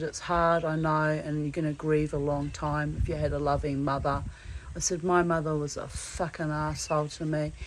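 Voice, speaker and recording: A woman's voice: low-pitched, rough recording. A woman telling a personal story in a casual vlog, earthy and swearing freely, calling people darling. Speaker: vlogger. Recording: faint background noise.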